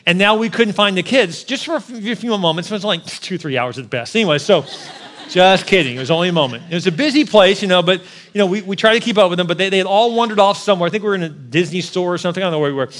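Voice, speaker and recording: A man in his forties preaching a sermon with personal stories, animated, joking with the congregation and rising to near shouts at his peaks. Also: high-pitched, rapid-fire. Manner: jokes with the congregation. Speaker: pastor.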